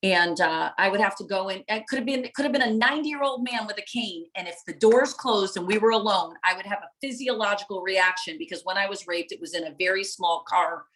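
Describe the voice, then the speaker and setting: A woman's voice: medium pitch, fairly quick, hardly any pauses, fairly bright tone, rough recording. A middle-aged woman giving a live motivational talk to viewers, passionate and preacher-like, driving points home with emphatic repetition. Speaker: motivational speaker and coach.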